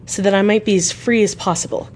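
A woman narrating a classic novel for a radio reading service, reading in a clear, even, unhurried way. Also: mid-range voice, a little hiss or hum. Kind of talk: audiobook narration.

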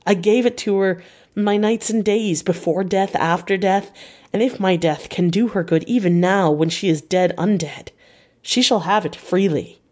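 A woman's voice: lowish voice, measured pace, a little mellow. Van Helsing, a woman reading a solemn old professor. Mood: pleading. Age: older. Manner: solemn, formal, pleading. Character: grave elderly male foreign professor, stern yet tender. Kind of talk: audiobook character reading.

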